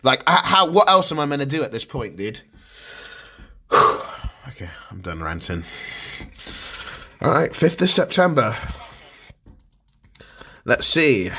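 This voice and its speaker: Husky man ranting on stream. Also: medium pitch, big pitch swings, slow, pauses often, pushed and bright. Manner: exasperated, swears constantly, repeats himself. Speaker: livestreamer. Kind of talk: frustrated livestream rant.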